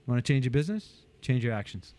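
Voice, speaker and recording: A man, a business coach, talking animatedly in an interview and acting out quotes with big jumps in pitch. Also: big pitch swings, fast talker, dark tone.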